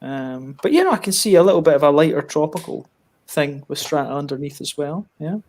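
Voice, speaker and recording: This man is a stream host talking casually from home. He reads viewer comments aloud and bantering with mates. His swearing comes naturally, in a slightly higher voice. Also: expressive, brisk, a little mellow. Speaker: livestream host. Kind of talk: casual chat. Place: home, living in Sweden.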